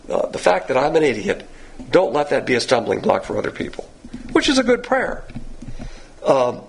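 Gravelly Southern pastor, lively and blunt. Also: male voice, mid-range voice. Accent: Southern American. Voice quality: hoarse at times. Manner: blunt, self-deprecating, folksy. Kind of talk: Bible class teaching. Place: church classroom.

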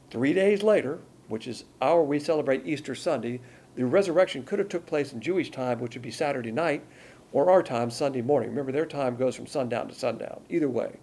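A man's voice: mid-range voice, dark tone. An older man teaching a Bible sermon in a conversational way, asking rhetorical questions and answering them himself.

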